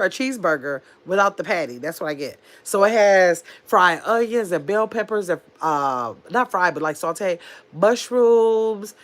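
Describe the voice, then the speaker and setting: Chatty woman livestreamer reading chat. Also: medium pitch. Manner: chatty, reads viewer comments aloud and answers them.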